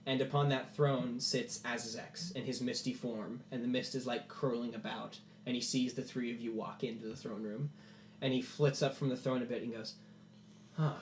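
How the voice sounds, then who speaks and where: A man narrating a tabletop game as game master, in animated storytelling. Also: medium pitch, moderate pace, roomy sound, a little hiss or hum. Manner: animated storytelling, many "like" fillers.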